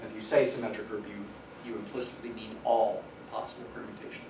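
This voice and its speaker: A man's voice: on the low side, flat delivery, brisk. A male professor lecturing in a roomy classroom, his voice carrying from a distance with a faint hiss behind it. He explains patiently, leaning on the important words. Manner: explanatory, stresses key words. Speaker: math professor.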